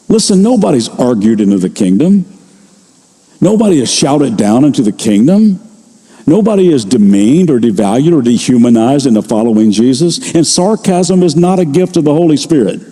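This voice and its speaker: An older male pastor delivers a sermon with a mellow, warm tone. He talks like he is telling a story to friends, easing his pace to press home a point. His voice rings out in the long reverb of a big hall. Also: mid-range voice. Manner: conversational storytelling, slows for emphasis.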